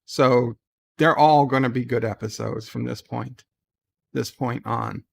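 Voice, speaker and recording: A man's voice: mid-range voice, steady tone, measured pace, vocal fry. A man hosting a casual livestream from bed at home, reading viewer comments aloud and chatting about them with frequent fillers and restarts. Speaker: livestream host.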